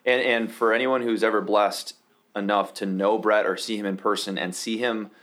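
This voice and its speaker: A man in his thirties, a podcast co-host chatting casually, with halting fillers. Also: on the low side, steady tone. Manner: warm praise, halting fillers. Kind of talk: casual chat.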